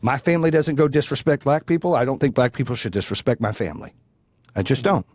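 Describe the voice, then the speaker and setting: With a mid-range, slightly mellow voice and a quick pace, this man hosts a podcast and tells a casual story. His telling is blunt and profane and grows heated. The sound is clean studio quality, free of room sound.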